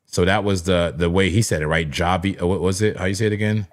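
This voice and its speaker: A man hosts a crypto trading livestream, giving casual live commentary straight to chat viewers and rambling loosely with lots of "like" and "man." His low voice is steady and fast, with soft background music.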